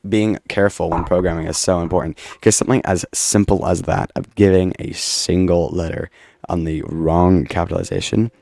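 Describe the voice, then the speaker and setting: A man's voice: deep voice, vocal fry, a little mellow, no room sound, studio quality. A man casually talking through his game code, joking and swearing as he debugs. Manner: casual, swears, jokey asides. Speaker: game developer. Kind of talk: casual commentary while coding.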